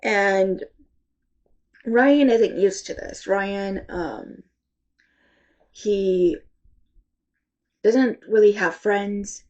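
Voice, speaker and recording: A woman reviewing books in a casual, rambling chat, halting often and sounding congested from allergies. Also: medium pitch, darkish tone, highs cut off. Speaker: book reviewer.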